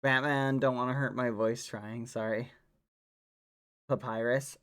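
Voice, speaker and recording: Slow-talking male streamer. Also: mid-range voice, clean tone. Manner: relaxed, unhurried, joking. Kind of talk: casual chat with viewers.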